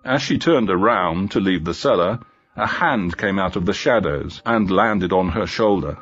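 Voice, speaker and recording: Low-voiced man reading a story. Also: expressive, normal speed, a bit bright, muffled recording, soft background music. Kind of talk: graded reader story narration.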